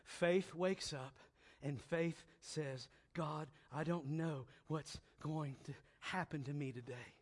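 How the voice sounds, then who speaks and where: A man preaching a sermon in a high, light voice, taking his time over every phrase. He drops into hushed, low stretches, then climbs to loud, fervent emphasis. His repetitions land slowly and deliberately. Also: breathy edge. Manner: swings from quiet, low reflection to loud, high-pitched emphatic exhortation; slow, deliberate delivery with repeated phrases.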